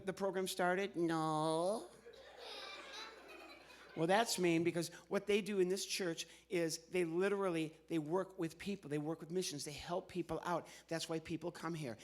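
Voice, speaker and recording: A man's voice: high-pitched, steady tone, normal speed. A middle-aged man, a ventriloquist and comedian, performing live on a church stage as the exasperated straight man.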